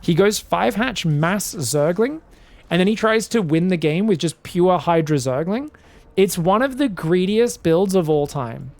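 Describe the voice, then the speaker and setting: A man giving solo commentary on a strategy game match, excitable and chatty, bursting into shouted reactions and talking straight to his viewers. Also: high-pitched, unhurried, creaky, dry recording. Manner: chatty asides, addresses viewers as guys. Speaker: esports caster.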